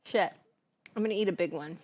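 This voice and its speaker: A woman's voice: lowish voice, brisk, a little mellow, slight background noise. A woman hosting a casual cooking livestream, chatty and giggly, savoring the food aloud and admitting she is stoned. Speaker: cooking show host. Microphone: clip-on mic.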